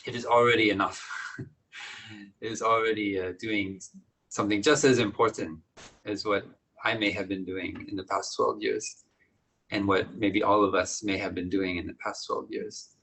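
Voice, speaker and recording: A man, a monastic teacher, giving a gentle, reflective dharma talk with many pauses and soft laughs. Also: on the low side, steady tone, vocal fry, breathy edge, poor audio.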